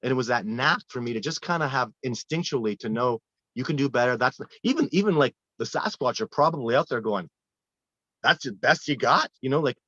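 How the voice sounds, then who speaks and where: A man's voice: medium pitch, fast talker, no room sound. Earnest man telling stories, dull lo-fi sound. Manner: earnest, animated storyteller with frequent restarts. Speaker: wilderness expedition guide. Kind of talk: casual interview storytelling.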